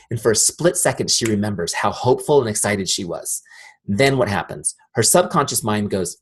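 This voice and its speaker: A man giving a live sales training talk in a direct, energetic way, often asking the audience questions. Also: lowish voice, a little fast, slightly rough.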